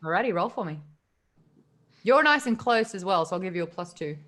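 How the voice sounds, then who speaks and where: A woman's voice: lowish voice, fairly quick. A woman with an Australian accent narrating a tabletop game as game master, laughing often as she goes. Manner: giggly, lively narration.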